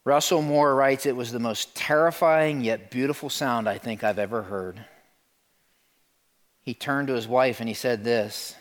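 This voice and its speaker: A man delivers a sermon at an ordinary middle pitch. He speaks as a pastor to his congregation, animated and direct. He repeats words for emphasis and acts out the stories he tells. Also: a little slow. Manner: animated storytelling, acts out voices in quotes.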